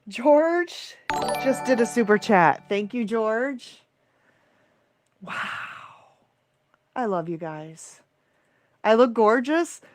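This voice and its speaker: A tired woman hosting a livestream, reading out viewer comments in an excitable, emotional rush. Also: medium pitch, no room sound. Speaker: livestream host and coach. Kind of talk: live-stream chat reading viewer comments.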